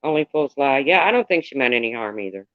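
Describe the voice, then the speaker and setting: A man's voice: medium pitch, very animated, fast talker, no room sound, muffled recording. A man livestreaming in casual chat, rambling candidly and greeting viewers by name.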